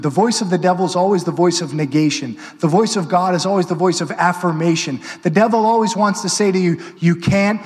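A Catholic priest, a man, preaches with fervor, his fairly high voice climbing into urgent, emphatic surges before sinking to a soft, pleading hush. His words ring out with the long reverb of a large church hall. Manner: impassioned, swinging from loud urgent build-ups to hushed intimate pleading. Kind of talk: sermon.

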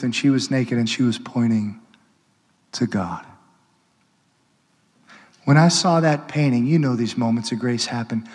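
A Catholic priest, a man, preaches with fervor, his fairly high voice climbing into urgent, emphatic surges before sinking to a soft, pleading hush. His words ring out with the long reverb of a large church hall. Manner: impassioned, swinging from loud urgent build-ups to hushed intimate pleading. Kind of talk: sermon.

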